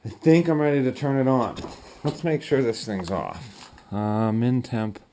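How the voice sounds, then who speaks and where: A man talking casually as he works on his home boiler, thinking aloud with fillers and throat clearing. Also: medium pitch, measured pace, dark tone, a little hiss or hum. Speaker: DIY builder vlogging his project. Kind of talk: casual talk-through while working. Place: garage boiler room, indoors. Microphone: action camera.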